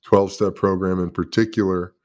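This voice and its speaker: A man in his thirties speaks in a low, deep register. He tells his own story as an interview guest. He sounds confessional and emotional and swears freely. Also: flat delivery, brisk, a little mellow. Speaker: podcast guest, former pro football player. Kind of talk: candid personal storytelling.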